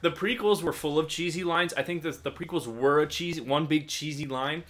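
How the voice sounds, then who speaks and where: Bright-voiced joking podcast co-host man. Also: on the high side, fairly quick. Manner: loose and profane, joking rants. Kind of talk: casual chat.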